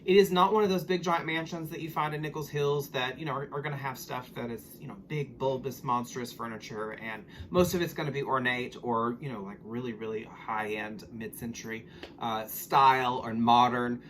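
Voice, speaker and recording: A man's voice: medium pitch, steady tone, moderate pace, fairly bright tone, slight background noise. A middle-aged man, a reseller chatting casually to camera in a rambling vlog style with plenty of ums and asides. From Oklahoma, USA. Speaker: estate liquidator and reseller.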